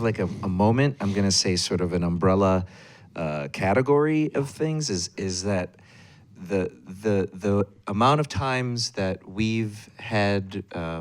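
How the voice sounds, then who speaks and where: A stage actor on a panel, giving an earnest, thoughtful answer and searching for his words. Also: low voice.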